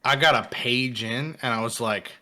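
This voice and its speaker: A man's voice: medium pitch, normal speed, pushed and bright. A man co-hosting a podcast in casual chat, crude, joking and profane. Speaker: podcast co-host.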